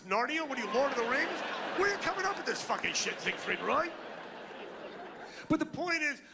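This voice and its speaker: A man in his sixties doing a loud, ranting, insulting stand-up comedy routine on a club stage. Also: sits high, creaky, breathy edge.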